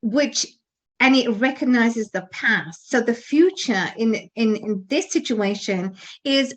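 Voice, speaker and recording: A woman's voice: on the high side, expressive, slow. A woman co-hosting a talk show, giving an earnest motivational talk with frequent restarts and fillers. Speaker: podcast co-host.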